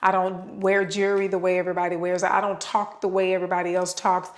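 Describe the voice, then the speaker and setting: An adult woman with children gives an unscripted motivational talk in a lowish voice with little pitch movement, talking fast. Preachy, she speaks straight to the listener, repeating words for stress and drawing them out.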